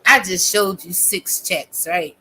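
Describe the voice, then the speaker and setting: A woman's voice: on the low side, slow pace, sharp tone, breathy edge, low-quality recording. A woman in her fifties ranting casually to her viewers, blunt and emphatic, cursing heavily. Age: 50s. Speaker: vlogger. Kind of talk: profane casual rant.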